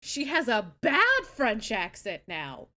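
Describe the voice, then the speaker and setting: A woman's voice: a little high, wildly swooping pitch, slow pace, bright, forceful tone. A young woman hosting a live stream, chatting casually and swearing freely as she reacts to stories. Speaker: streamer host.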